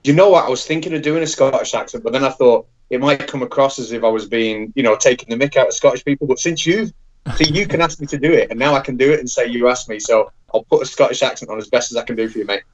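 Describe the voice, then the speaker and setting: A man chatting as a guest on a live stream, stammering and starting his sentences over. His mid-pitched voice comes through a dull, lo-fi call line. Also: fast talker. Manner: stammering, restarts often, laughs. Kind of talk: casual live-stream chat.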